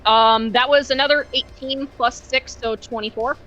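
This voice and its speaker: A woman's voice: high-pitched, fairly even intonation, fairly bright tone. A woman plays in a tabletop game, speaking hesitantly and often stopping to restart her sentences. Her audio sounds a little dull and muffled. Faint music plays behind her. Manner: hesitant, halting, many fillers and restarts. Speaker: player.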